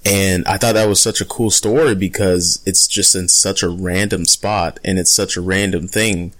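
A man's voice: sits low, fairly even intonation, moderate pace, fairly bright tone. A man co-hosting a podcast, chatting casually and enthusiastically. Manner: enthusiastic, laughing. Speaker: podcast co-host.

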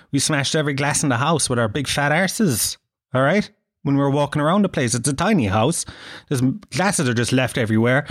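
A man's voice: medium pitch, dry recording. Irish male podcast host, 30s, rambling self-mocking comic monologue, dry close-mic sound.

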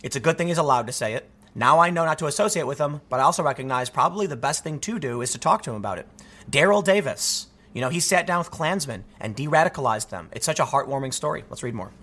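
A man delivers opinionated political commentary, reading articles aloud and reacting with emphatic disbelief. His voice sits a little high and has a bright, sharp edge. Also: expressive, fast talker.

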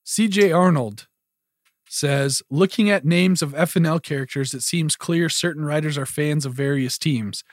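A man co-hosting a podcast, reading listener tweets aloud in a relaxed, unhurried way. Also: on the high side, no room sound, studio quality. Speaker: podcast co-host. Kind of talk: casual podcast chat.

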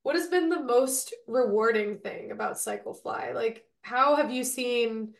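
A woman's voice: a little high, measured pace, creaky, echoey room. A young woman hosting a podcast interview, asking questions in a friendly, chatty way. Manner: friendly, chatty, uses "like" often. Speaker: podcast host.

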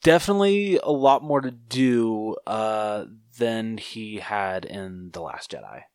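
A man's voice: on the low side, slow pace, smooth, dry recording, clean studio sound. A man co-hosting a podcast, chatting casually and animatedly about a movie. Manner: animated, acts out scenes in voices. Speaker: podcast co-host. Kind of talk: casual movie review chat.

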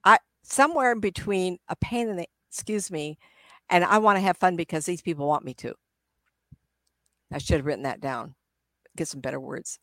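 A woman's voice: lowish voice, normal speed, long pauses, a bit bright, no room sound. A middle-aged woman, a psychic medium, chatting in an interview and acting out spirits with gasps and laughs. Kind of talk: casual interview talk.

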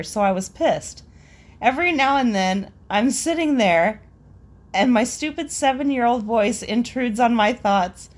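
A woman's voice: a little high, expressive, a little slow. A young woman casually reading out embarrassing stories and laughing between them. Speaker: storyteller reading listener stories.

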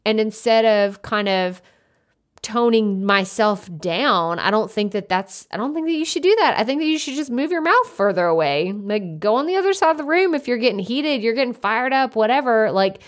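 Loud, energetic woman podcast host. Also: fairly high pitch, moderate pace. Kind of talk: casual solo podcast talk. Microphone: studio podcast microphone up close.

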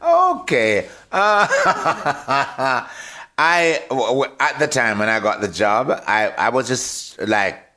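An older man with a Jamaican accent, telling lively stories as a radio interview guest, laughing often and repeating words. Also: medium pitch, slow pace.

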